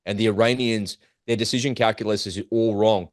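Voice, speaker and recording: A man giving an urgent, animated commentary monologue, firing off rhetorical questions as host of his own show. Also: on the low side, a little fast, no echo, studio quality. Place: at home in Australia.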